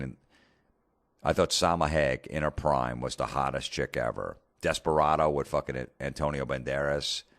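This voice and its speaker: A middle-aged comedian from New Jersey, ranting sarcastically and swearing constantly as a podcast host. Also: male voice, very deep voice, dry recording, clean studio sound. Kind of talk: profane comedic rant.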